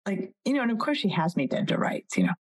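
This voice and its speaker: A breathy, slightly husky woman in her forties speaks as an interview guest. She tells animated stories and slips into the voices of the people she quotes. Her pitch sits in the middle. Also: fast talker, poor audio. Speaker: psychologist and author, guest. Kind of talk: conversational podcast interview.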